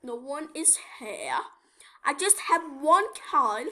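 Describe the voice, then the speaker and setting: A woman's voice: sits high, very animated, slow pace, sharp tone. A woman giving casual gameplay commentary to her viewers, playful and full of whiny complaints about the game. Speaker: gameplay video host.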